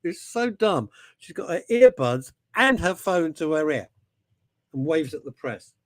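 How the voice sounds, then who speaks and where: A radio talk show host with a slightly high voice and no echo trades casual banter, animated and jokey. He laughs easily, and his sentences often trail off before he starts them again.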